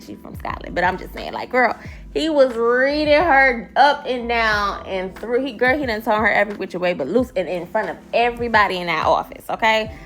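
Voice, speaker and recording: A woman gossips her way through a series recap in a loose, slangy chat. Her voice is bright and forward, with a gravelly fry. Faint music plays in the background. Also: mid-range voice. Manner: chatty, slangy, gossipy retelling. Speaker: TV show recapper. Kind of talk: casual chat.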